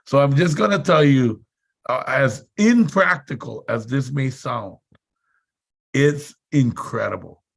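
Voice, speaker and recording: A man giving a motivational seminar talk, telling chatty anecdotes and laughing often. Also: mid-range voice. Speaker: seminar speaker.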